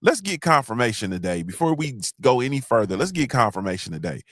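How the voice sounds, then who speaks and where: A man hosting a casual podcast chat, rambling loosely through stories and shout-outs and often checking in with "you understand what I'm saying.". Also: mid-range voice, sing-song, quick pace, dry recording, studio quality. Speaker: podcast host.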